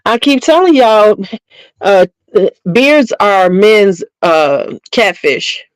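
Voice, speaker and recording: A woman's voice: medium pitch, sing-song, very slow, no room sound, low-quality recording. A middle-aged woman hosting her channel, chatting casually and bluntly with viewers in a gossiping, slangy way. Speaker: beauty channel host.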